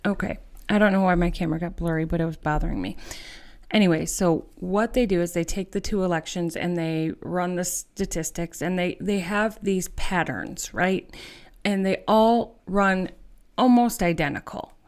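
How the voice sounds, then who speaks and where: A woman's voice: fairly low pitch, moderate pace. A woman hosting a podcast, talking in a casual monologue straight to her webcam, blunt, swearing freely, with many fillers and restarts. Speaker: podcast host.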